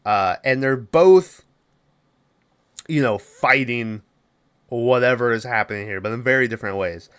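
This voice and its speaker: A young man hosting a podcast, retelling a horror film's plot in a loose, profane way with quick quoted asides. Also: medium pitch, fairly bright tone, clean tone. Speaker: podcast host. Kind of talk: casual movie recap.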